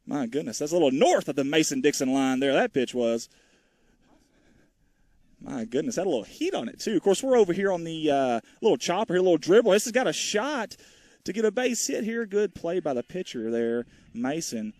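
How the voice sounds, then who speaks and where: A man's voice: a little high, big pitch swings, a little fast, a little mellow, dry recording. A man calling a local baseball game, chatty and joking, talking to viewers between plays and a bit out of breath. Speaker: play-by-play commentator. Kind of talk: folksy live baseball commentary. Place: outdoors at a small-town ballfield.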